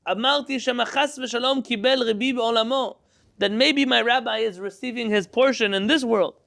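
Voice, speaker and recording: Quick, high, gravelly-voiced male teacher. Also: bright, forceful tone. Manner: reads Hebrew text aloud and translates line by line into English; quizzes students with questions. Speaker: Torah teacher. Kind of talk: classroom Torah lesson.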